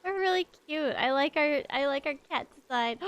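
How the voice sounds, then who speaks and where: A woman streamer giving excited gameplay commentary, giggling and squealing as she gushes over how cute everything is. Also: high voice, normal speed, dry recording. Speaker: video game streamer.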